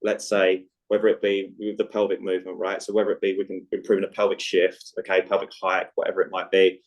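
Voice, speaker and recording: A man's voice: deep voice, completely flat delivery, fast, poor audio. A man on a podcast as a guest coach, telling stories animatedly, acting out dialogue and often checking in with "right?". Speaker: guest, movement coach for chronic pain. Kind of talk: conversational podcast storytelling.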